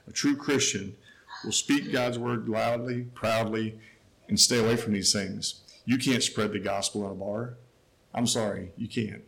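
A man preaching a sermon, quoting scripture with emphatic rises and quiet, lowered asides. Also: steady tone, a little slow, vocal fry, slight background noise, poor audio. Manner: emphatic, rising to a near shout then dropping low.

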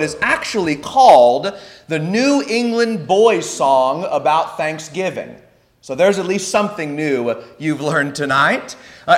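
A man preaching an evening Bible study sermon, earnest and reading scripture aloud, slowing down to stress key points. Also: high-pitched, fairly bright tone. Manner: earnest, slows down for emphasis.

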